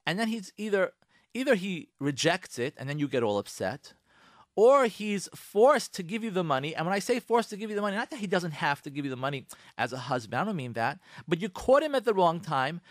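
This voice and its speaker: A man hosting a radio show, giving marriage advice in a lively, direct way, acting out both spouses and speaking. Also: a little high, fairly quick, no echo, clean studio sound. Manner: animated, acts out both spouses in quotes, lectures the listener directly. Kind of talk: direct-address advice talk.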